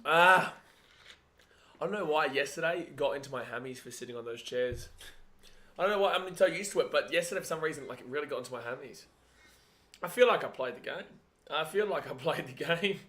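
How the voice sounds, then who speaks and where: A man hosting a live watch-along of a rugby league match, chatting casually and getting excitable, at times yelling at the screen. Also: fairly high pitch, fast talker.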